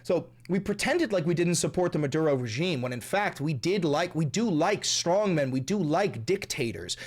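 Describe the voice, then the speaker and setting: A man's voice: a little high, expressive, normal speed. A man hosting angry political commentary, talking in a heated, profane and sarcastic way.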